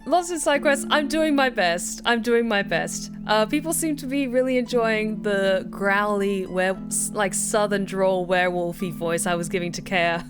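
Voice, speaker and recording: A woman's voice: medium pitch, moderate pace. A woman, a voice actor, chatting casually and upbeat on a live game stream over background music, with frequent fillers and laughs. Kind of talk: casual livestream chat.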